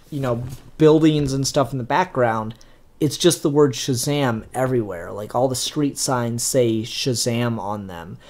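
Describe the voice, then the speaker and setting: A man's voice: medium pitch, a little mellow. A young man giving a casual comic book review in a blunt, ranting, profane manner.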